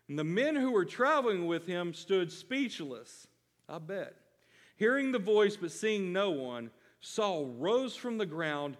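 A man's voice: sits high, lively intonation, measured pace, long reverb tail. A man preaching a sermon to his congregation, reading scripture and stretching out key phrases with rising emphasis. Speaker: pastor.

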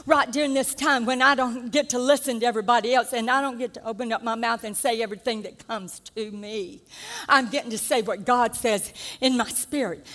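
Older woman, preacher, high voice, animated sermon with shouted peaks, long hall reverb. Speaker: pastor.

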